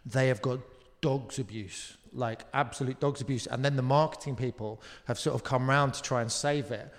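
A British man, a comedian guest on a live talk show, telling a lively anecdote and slipping into quoted voices, with casual swearing. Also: medium pitch, moderate pace. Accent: British English. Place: live venue stage. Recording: long reverb of a live venue.

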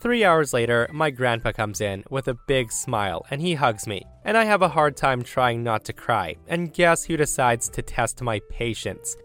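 Male podcast host, middle pitch, smooth voice, animated Reddit storyteller. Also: moderate pace, hardly any pauses. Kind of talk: reading Reddit stories aloud. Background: faint background music.

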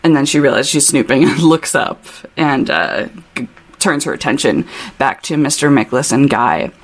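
A woman's voice: a bass voice, lively intonation. A woman co-hosting a podcast, chatting casually about a book, laughing and reading passages aloud. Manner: chatty, giggly, quick asides. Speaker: podcast co-host.

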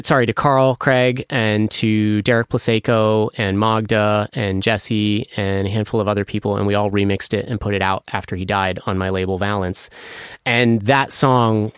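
A man's voice: fairly low pitch, clear, resonant tone, no echo, studio quality. Enthusiastic man rambling about records. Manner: enthusiastic, rambling with many fillers and restarts; emotional, apologetic when moved. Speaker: music producer guest. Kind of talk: casual interview answer.

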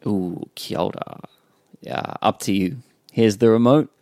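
A man's voice: fairly low pitch, a little slow, creaky, darkish tone, studio quality. A man co-hosting a language lesson as the learner, checking meanings and echoing phrases back. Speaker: learner and co-host. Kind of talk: bilingual language lesson chat.

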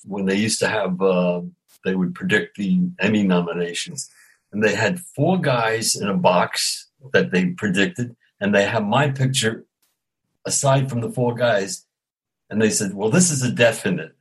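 Husky-voiced man telling a story. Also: lowish voice, measured pace, rough recording. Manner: animated storyteller who acts out quoted voices. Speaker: guest actor. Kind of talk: storytelling anecdote.

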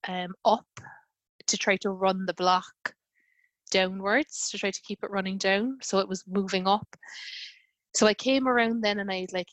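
A woman's voice: mid-range voice, fairly bright tone, no room sound. Chatty woman in her 30s, telling her story, dry close sound, lots of likes and you knows. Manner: chatty, many fillers and quoted dialogue. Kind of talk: casual conversational storytelling.

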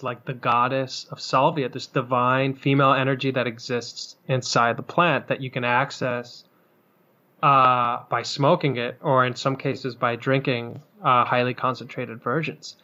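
A man in casual chat, speaking loosely with pauses and casual swearing. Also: medium pitch, sharp tone. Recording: dull lo-fi sound.

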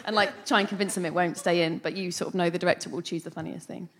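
A woman comedian and actress, a guest on a live comedy podcast, telling animated stories full of acted-out quotes. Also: lowish voice, quick pace.

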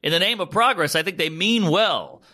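A man from the United States chats on a podcast with a bright, forceful, somewhat high voice. He tells stories with animation, jumps into quoted voices and swears a lot. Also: animated, normal speed. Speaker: stand-up comedian, podcast guest. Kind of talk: casual podcast chat.

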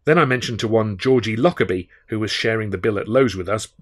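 Guy reading his own book, dry understated delivery, low husky voice. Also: fast talker. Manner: wry, understated storytelling. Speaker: author reading his novel. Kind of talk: audiobook narration.

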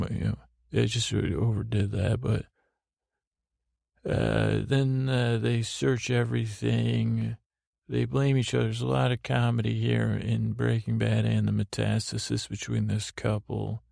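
Host, male, gravelly and monotone, rambling episode recap, dry close sound. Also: mid-range voice, no room sound. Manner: meandering, halting, full of uh and restarts. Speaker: podcast host. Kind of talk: rambling sleep podcast recap.

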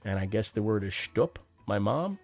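A man's voice: lowish voice, animated, moderate pace, faint music behind. A man telling a wry, profane story about his childhood, now and then acting out the voices of the people in it. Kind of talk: personal storytelling monologue.

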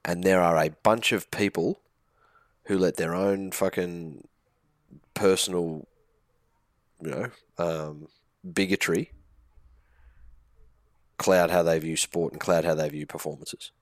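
A blunt man with a very deep voice, giving strong opinions on a sports podcast and swearing freely. The sound is dry and close to the mic, with no room around it. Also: steady tone, slow, pauses often, no echo. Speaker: podcast co-host. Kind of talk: casual sports podcast chat.

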